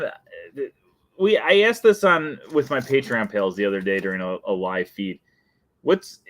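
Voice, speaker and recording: A young adult man hosts a casual live stream, chatty and playful, often laughing at himself and breaking into a sung jingle. His voice is on the low side, with no echo.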